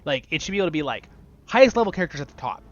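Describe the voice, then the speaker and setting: A man casually commentating his strategy gameplay, chatty and excitable, talking straight to his viewers. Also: on the high side, racing. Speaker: gaming channel host. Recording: dull lo-fi sound with faint music.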